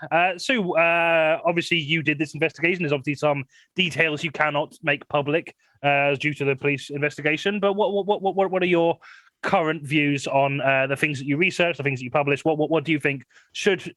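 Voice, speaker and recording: A man hosting a live comedy show as a mock debate moderator, halting with fillers and laughing often. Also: a little high, fairly bright tone, no echo. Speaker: host.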